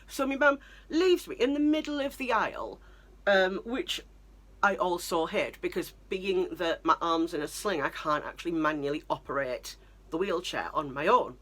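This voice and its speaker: A woman's voice: fairly low pitch, animated, normal speed, a bit bright. A young British woman telling stories in a chatty, exasperated vlog style, with lots of fillers. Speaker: vlogger. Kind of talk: storytelling vlog.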